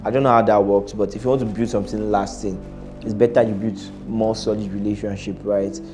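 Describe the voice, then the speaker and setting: A man's voice: fairly low pitch, level tone, fairly quick. Guy reacting to a video, blunt and laughy, keeps repeating himself, bit of music behind.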